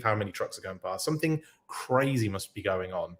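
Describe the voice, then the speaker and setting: This man's voice is on the low side and fairly bright, with lively intonation, a brisk pace, and few pauses. He's a podcast host reacting live on a stream, chatting casually as he reads out viewer comments. He rambles and cuts himself off often.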